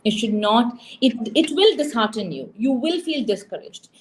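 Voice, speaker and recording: A young woman from India, a TV presenter, telling her story as an interview guest in an animated, emotional way, acting out quoted dialogue. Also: on the high side, moderate pace, a little hiss or hum, low-quality recording.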